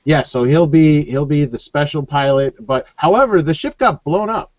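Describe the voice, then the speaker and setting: A man co-hosting a casual review chat, animated and chatty, heard over a muffled online call. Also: a little high, moderate pace, no room sound. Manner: animated, chatty, leans on "like" and "kind of". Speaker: show co-host.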